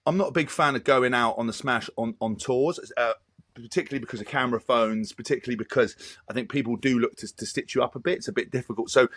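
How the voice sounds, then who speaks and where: Fast-talking ex-rugby man. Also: medium pitch. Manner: animated, rapid storyteller. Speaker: former rugby player guest. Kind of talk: anecdotal interview storytelling.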